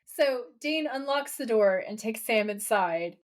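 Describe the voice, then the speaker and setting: A woman partly raised in America co-hosts a podcast, playfully recapping a TV episode in casual chat and acting out quoted lines with animation. Her voice is fairly high and a little slow.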